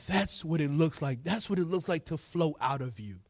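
A middle-aged man preaching a sermon, telling a story and moving from hushed talk to shouting. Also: on the high side, lively intonation, moderate pace, no room sound. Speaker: evangelist preacher.

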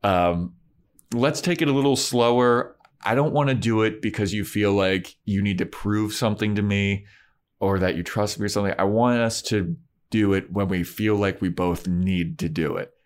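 Podcast co-host, low-pitched man, casual chat, acts out scenes. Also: normal speed. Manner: animated retelling, acts out characters' lines. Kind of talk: casual chat recapping a TV episode.

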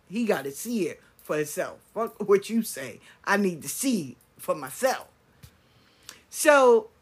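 A woman's voice: mid-range voice, a bit bright. An older woman, a grandmother, telling a family story to her viewers in a blunt, casual, sometimes profane way. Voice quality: blunt and profane, talks straight to the listener.

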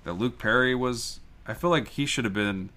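A man's voice: mid-range voice, normal speed, pushed and bright. A man co-hosting a movie podcast, chatting casually in a rambling, jokey way and laughing often. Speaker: podcast co-host.

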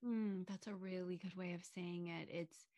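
A woman's voice: lowish voice, steady tone, normal speed, mellow, no echo, clean studio sound. A woman hosting an interview, affirming her guest and asking reflective follow-up questions. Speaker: podcast host. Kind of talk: interview conversation.

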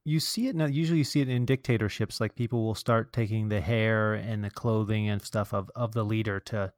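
A man hosting a marketing podcast in casual chat, tossing in quick jokes and asides. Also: on the low side, steady tone, a little mellow, no echo, clean studio sound. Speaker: podcast host.

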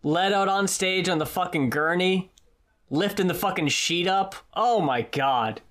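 Animated storyteller swearing through a tale. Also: mid-range voice, a little slow. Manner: animated storytelling with profanity and acted-out quotes. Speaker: podcast co-host. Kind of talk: casual chat.

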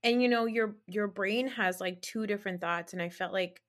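A woman's voice: medium pitch, moderate pace. A woman with a mid-range voice talks earnestly and from the heart. She is co-hosting a casual podcast and her talk grows indignant. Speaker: podcast co-host. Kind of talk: casual chat.

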